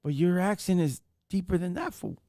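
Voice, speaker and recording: A man hosts a casual live stream in a lively, swooping voice. He talks in street slang and presses with one rhetorical question after another. The sound is close and dry. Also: high voice, moderate pace, no echo.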